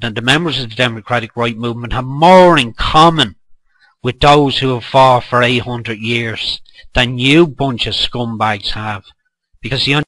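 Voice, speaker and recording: A man's voice: mid-range voice, sharp tone, no room sound, poor audio. A middle-aged man with an Irish accent, ranting angrily to camera in a heated, profane, scolding way. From Ireland. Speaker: political vlogger. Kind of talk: angry rant to camera.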